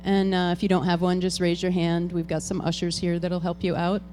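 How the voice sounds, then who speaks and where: A woman's voice: on the low side, flat delivery, fairly quick, mellow, faint music behind. A woman serving as board president, hosting a farewell tribute and talking to the congregation in a chatty, informal way. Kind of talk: ceremony address to a congregation. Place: church hall with an audience.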